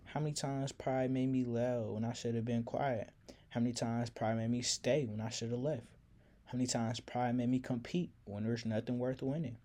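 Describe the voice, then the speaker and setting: A man's voice: mid-range voice, dark tone. A man telling a personal story in a casual, slangy, reflective way.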